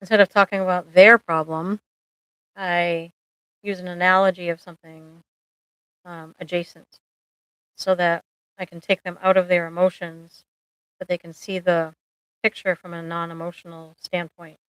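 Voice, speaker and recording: A middle-aged woman therapist talks on a live stream in a loose, joking, rambling way, full of ums. Her voice sits fairly low and sounds smooth and resonant. The close mic is dry, with no room sound. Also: level tone, moderate pace, pauses often, a bit bright, no room sound, poor audio. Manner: chatty, rambling, humorous, many ums. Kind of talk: casual live-stream chat.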